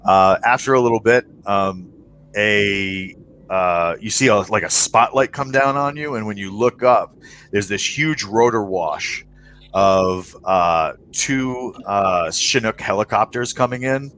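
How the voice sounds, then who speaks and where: A man with a low voice and a bright, forceful edge runs a tabletop game for his players on a stream. He narrates loosely, with lots of ums and restarts, and there is a faint hiss on the recording. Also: measured pace. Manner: rambling, many fillers and restarts, chuckles while narrating. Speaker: game master.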